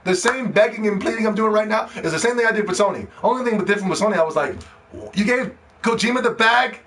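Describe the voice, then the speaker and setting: A man hosting a gaming podcast, ranting and pleading, dropping to hushed begging and then rising to shouts. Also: sits high, very fast, slight background noise. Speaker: podcast host.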